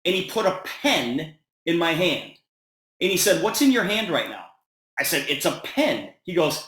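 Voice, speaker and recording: A man giving a sales presentation on a video call, telling an animated story and quoting the dialogue. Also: a little high, unhurried, reverberant.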